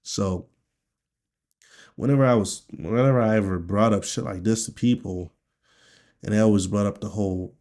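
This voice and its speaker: A man from Nigeria speaks straight to camera in a personal video diary. His voice sits low and mellow, and he talks in a candid, rambling way laced with swearing. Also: moderate pace, long pauses. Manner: candid, profane, rambling talk. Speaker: vlogger.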